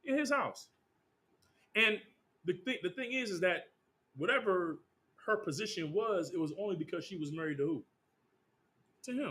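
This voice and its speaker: A man leading a scripture class, teaching with streetwise banter and rapid rhetorical questions. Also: high voice, expressive, bright, forceful tone.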